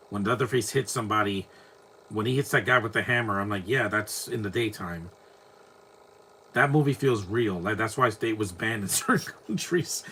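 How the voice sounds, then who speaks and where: A man's voice: lowish voice, a bit bright, a little hiss or hum. A man giving casual live movie commentary at home, rambling with frequent restarts and self-corrections. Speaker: film commentator.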